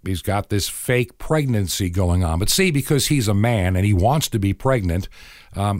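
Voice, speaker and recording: A man's voice: on the low side, dry recording, studio quality. A middle-aged man hosting a radio program, delivering an earnest, moralizing monologue and acting out bits of conversation. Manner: earnest, moralizing, acts out dialogue in quotes. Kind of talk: preaching talk-show monologue.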